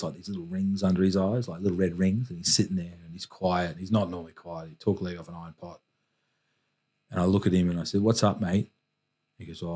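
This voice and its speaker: Earnest man, slightly low voice. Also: darkish tone. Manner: earnest, reflective, with halting restarts. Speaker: podcast guest. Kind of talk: candid storytelling in conversation.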